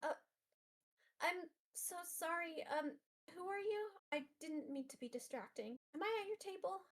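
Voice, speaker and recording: A woman's voice: extremely high pitch, animated, pitched above the performer's own voice. Woman voicing Ashlyn, a crying young student. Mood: upset. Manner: tearful, halting, apologetic. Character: upset young female student, apologetic.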